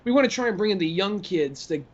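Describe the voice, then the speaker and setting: Man in his twenties, high voice, casual podcast banter, dry asides, dull recording. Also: lively intonation. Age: 20s. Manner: quick-witted, laughs often, dry asides. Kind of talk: casual chat.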